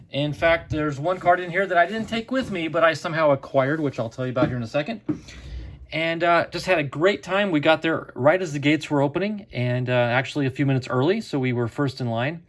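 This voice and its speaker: A man's voice: fairly high pitch, fairly bright tone. A middle-aged man casually telling a story to camera as the host of a card collecting channel, chatty and acting out quotes.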